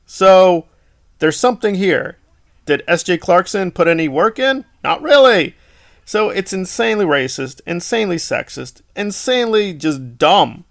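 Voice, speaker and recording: A man's voice: sits high, lively intonation, moderate pace, vocal fry. A man giving a casual, opinionated film review, exasperated and sarcastic, full of rhetorical questions.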